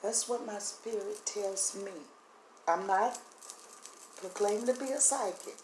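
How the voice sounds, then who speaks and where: A woman vlogger, speaking earnestly and haltingly to the camera, her voice breaking and teary. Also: mid-range voice, a little mellow. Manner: earnest, halting, voice catching with emotion. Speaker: vlogger sharing spiritual impressions. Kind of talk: emotional direct-to-camera talk. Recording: echoey room, faint background hum.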